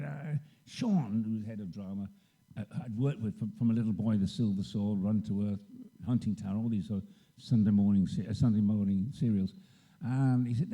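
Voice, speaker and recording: An older man, a guest actor on a convention panel, tells rambling anecdotes from the stage and acts out the voices of people he quotes. His voice is fairly low and dark in tone, and he talks fairly quickly.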